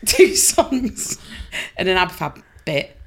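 A woman's voice: fairly low pitch, sing-song, slow pace. A woman, co-hosting a casual pub-chat podcast, telling a story with frequent laughter. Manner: chatty storyteller, laughing often. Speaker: podcast co-host.

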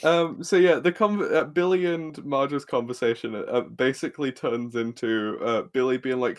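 A young man co-hosting a casual comedy podcast recaps a show's scenes, laughing and swearing as he goes. His voice is mid-range, his pace moderate, and he barely pauses.

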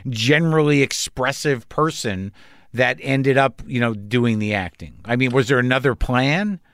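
A man's voice: medium pitch, moderate pace, clean tone, dry recording. Middle-aged guy hosting a podcast, rambly questions, dry close sound. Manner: casual, loose questions with many "like"s. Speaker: podcast host. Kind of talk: casual interview.

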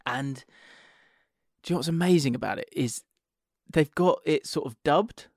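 Playful higher-voiced man chatting football. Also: normal speed, vocal fry, a little mellow, dry recording, studio quality. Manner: jokey, playful, trails off into laughs. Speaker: podcast co-host. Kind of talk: casual football chat.

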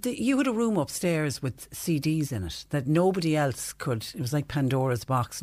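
A woman hosting a radio show, reading out listener messages and chatting in a lively way on a studio mic. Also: low voice, no echo. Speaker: radio host.

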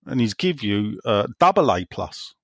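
Male co-host, jokey, animated pitch, dry close-miked sound. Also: unhurried, dry recording. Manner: playful, reads listener questions with laughs. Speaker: podcast co-host. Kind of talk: casual chat.

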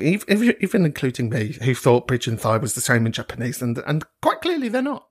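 A man's voice: medium pitch, very animated, quick pace. A man, hosting a podcast in sweary, camp, gossipy chat and laughing often. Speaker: podcast host. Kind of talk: casual comedic chat.

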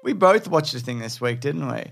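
A man co-hosts a podcast in relaxed, casual chat. He teases with dry, deadpan banter, and his pitch rises and falls in lively swings. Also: moderate pace, gravelly. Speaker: podcast co-host.

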